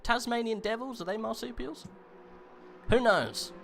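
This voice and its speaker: Over a music bed, a man with an extremely high, gravelly, slightly bright voice commentates an online sim race at a slightly slow pace, with a little hiss or hum on the track. He's chatty and playful, rambling with fillers as he calls positions and jokes with his co-host.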